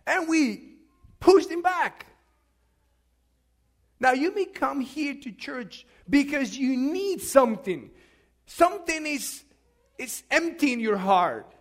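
A man preaching a sermon, swinging between loud, urgent outbursts and hushed asides, and asking the congregation questions. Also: extremely high pitch, sing-song, slow. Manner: asks the congregation questions and has them repeat.

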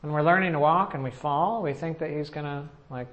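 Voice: mid-range voice, brisk, highs cut off. Conversational preacher telling a personal story. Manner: conversational storytelling with frequent restarts; asks the audience questions. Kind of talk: sermon.

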